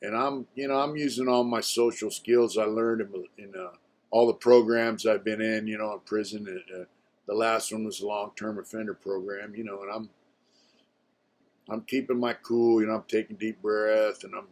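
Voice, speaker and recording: A man's voice: fairly low pitch, level tone, moderate pace, darkish tone. An older man telling his own story in a casual, blunt way, with some swearing and a lot of "you know" between phrases.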